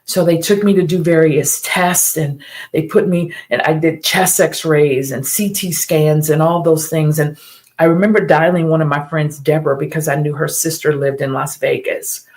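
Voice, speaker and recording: A woman's voice: low voice, fairly even intonation, moderate pace, darkish tone. A middle-aged woman hosting a live stream, telling a personal story in an earnest, emphatic way and repeating key phrases.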